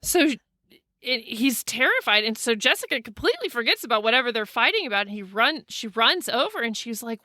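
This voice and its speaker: A woman casually telling a ghost story as a podcast co-host, animated and acting out the people she quotes. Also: brisk, dry recording, clean studio sound. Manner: animated, acts out quoted people with pitch swings.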